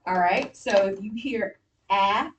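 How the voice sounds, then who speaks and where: A woman teacher runs a spelling lesson, calm and directive, breaking every task into small steps for her class. Her voice sits in a middle register and reaches the mic from across the classroom. A faint background hiss stays under her speech. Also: medium pitch, slow, recorded from a distance. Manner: patient, directive, step-by-step instructions.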